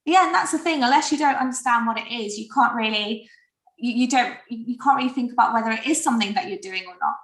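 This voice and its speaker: A woman's voice: on the high side, fast, a bit bright. A woman co-hosting, chatting casually about poll results and restarting her sentences. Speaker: co-host running a poll. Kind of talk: casual chat. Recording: roomy, distant mic.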